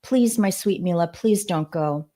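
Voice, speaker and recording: A woman reading aloud as a desperate middle-aged mother begging her daughter to stay, her pleas slowing as she goes. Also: lowish voice, mellow, lightly acted. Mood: pleading.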